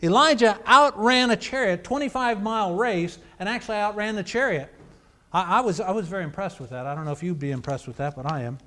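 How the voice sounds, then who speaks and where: A man's voice: high voice, brisk, pushed and bright. A man preaching a sermon, telling a scripture account in a conversational, storytelling way.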